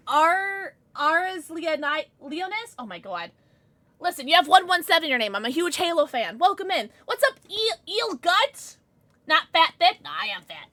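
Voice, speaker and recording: A woman streamer chatting casually with her live audience, bubbly and giggly, rattling off quick greetings. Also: extremely high pitch, big pitch swings, pushed and bright. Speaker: Twitch streamer.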